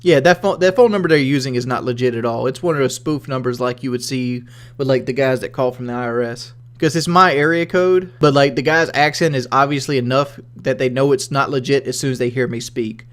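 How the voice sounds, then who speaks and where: A man's voice: medium pitch, steady tone, fairly quick. Southern guy on a livestream, rambly, swears a lot, lots of "like". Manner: rambling and profane, many "like" fillers. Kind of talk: casual livestream chat, reading chat questions.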